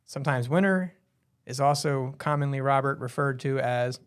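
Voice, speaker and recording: A man's voice: medium pitch, moderate pace, clear, resonant tone. A man hosting a casual live show, chatty and teasing, often laughing. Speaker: host.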